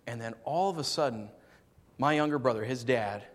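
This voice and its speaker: A man preaching a sermon, swinging from soft, low asides to loud, emphatic passages and telling stories in a conversational way. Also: normal speed. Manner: conversational storytelling with fillers. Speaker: pastor. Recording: long hall reverb.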